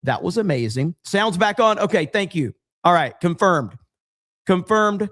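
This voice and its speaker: A man's voice: sits high, lively intonation, measured pace, a bit bright. A man hosting a casual livestream, rambling sarcastically and reading out chat messages. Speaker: livestream host.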